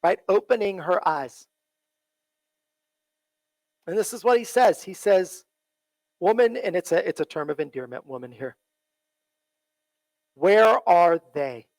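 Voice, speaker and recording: Male pastor, high voice, earnest sermon, repeats key phrases, dry close sound. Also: lively intonation, moderate pace, long pauses, darkish tone, no echo, poor audio. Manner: earnest, repeats phrases, asks "right?" often. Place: church.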